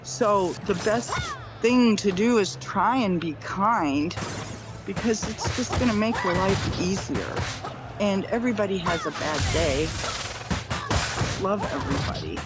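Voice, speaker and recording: A woman's voice: medium pitch, measured pace. A middle-aged woman giving a personal testimony, telling her story earnestly in long run-on sentences with many repeated phrases. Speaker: near-death experience storyteller. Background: clear background music.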